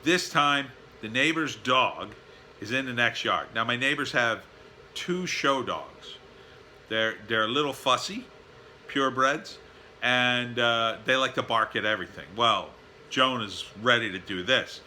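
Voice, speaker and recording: A man tells a casual, rambling story at home, his voice strikingly bright and sharp at a middling pitch. He fills his talk with uh's and weary asides. A faint background ambience hums behind him. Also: unhurried, slight background noise. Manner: rambling, with many fillers and tired sighing asides. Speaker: vlogger. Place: at home, backyard and indoors.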